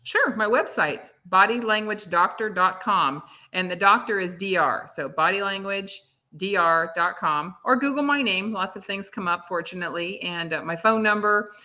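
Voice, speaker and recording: A woman's voice: medium pitch, normal speed, sharp tone. A middle-aged woman who is a guest on a podcast, talking in an upbeat and friendly way. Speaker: guest, body language expert. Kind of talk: casual interview chat.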